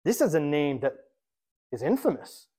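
A male pastor preaching a sermon in an emphatic, animated storytelling manner, with big swings in loudness. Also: fairly high pitch, normal speed, husky.

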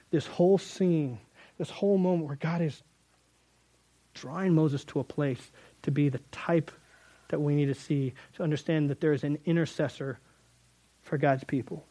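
A man preaching a sermon, reading scripture and explaining it in a lively, conversational way, often acting out the dialogue. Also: fairly high pitch, moderate pace.

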